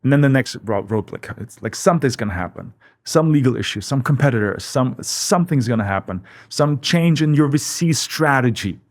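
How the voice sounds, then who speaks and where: On a podcast, a company founder recounts his story in a relaxed interview, reflecting along the way and repeating words for emphasis. His medium-pitched voice is brisk with lively intonation.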